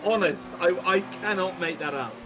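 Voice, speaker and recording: A man's voice: high-pitched, normal speed. An English man commentating a long motor race, chatty and laughing as he tells stories between updates. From England. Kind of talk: casual co-commentary chat. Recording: commentary over loud race-car sound.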